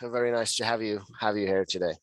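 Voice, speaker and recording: A man's voice: lowish voice, fairly even intonation, fast talker, dry recording. A man hosting an online user group meeting, chatting casually with hesitations and frequent laughter. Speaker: meeting host. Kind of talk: casual chat. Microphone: video call.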